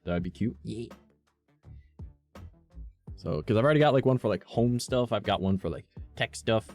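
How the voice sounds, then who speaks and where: A man with a fairly low, darkish voice chats casually with his live stream viewers at a moderate pace, faint music playing behind him. He rambles, swears often, and leans heavily on "like."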